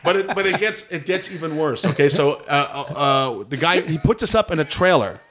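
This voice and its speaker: A man's voice: on the high side, a little fast, a bit bright, slight background noise. A male comedian telling a story in casual podcast chat, with lots of restarts and quoted voices. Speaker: comedian guest.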